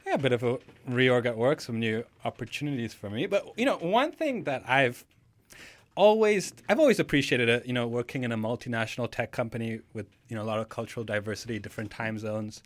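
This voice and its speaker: A man's voice: medium pitch, fairly quick. A man co-hosting a podcast in casual chat, rambling with lots of fillers and restarts. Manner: relaxed, rambling with many fillers. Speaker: podcast co-host.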